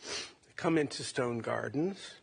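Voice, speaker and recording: Older guy late 60s giving a eulogy, super gravelly husky voice, halting and reflective. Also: mid-range voice. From Cleveland, Ohio. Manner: halting, reflective, tender storytelling. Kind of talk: funeral eulogy.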